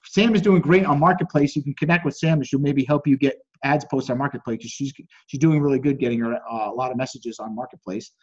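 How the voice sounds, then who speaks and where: A man teaches casually on a group call, talking quickly with few pauses in a breathy voice whose highs are cut off. He reads out and critiques chat messages, performing quoted dialogue with animated pitch jumps.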